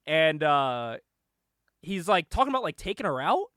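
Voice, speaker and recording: A young man co-hosting a casual show, excitedly retelling a movie plot, laughing often, swearing and acting out the lines. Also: a little high, moderate pace, smooth, no echo, studio quality. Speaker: podcast co-host.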